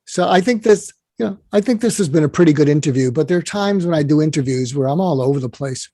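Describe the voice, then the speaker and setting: High-voiced rambling male storyteller. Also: lively intonation, fast, mellow, no room sound. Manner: rambling storyteller, many restarts. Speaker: psychiatrist guest. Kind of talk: conversational interview storytelling.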